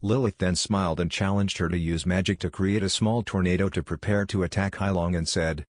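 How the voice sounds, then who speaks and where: A man narrating a comic story recap in a steady, even way. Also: low voice, fairly quick, hardly any pauses, no echo, studio quality.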